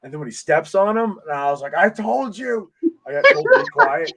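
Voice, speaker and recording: A man hosting a casual podcast, talking in an excitable, rambling way full of restarts, into a desk mic. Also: fairly high pitch, fast, crowd noise. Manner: excitable, rambling fan talk with many restarts. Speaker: podcast host. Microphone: desk microphone.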